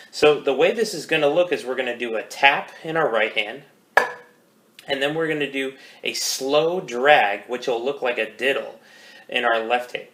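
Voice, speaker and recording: A man's voice: mid-range voice, moderate pace. A man teaching drum rudiments, counting beats aloud in a casual, self-correcting way. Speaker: percussion teacher. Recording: loud background noise.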